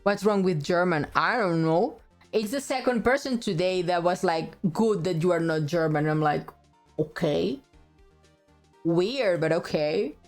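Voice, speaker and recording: Woman streamer chatting casually over faint music, with a strong non-native accent and halting delivery. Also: on the low side. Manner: hesitant, restarts with filler sounds. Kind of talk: casual live-stream chat while playing a game.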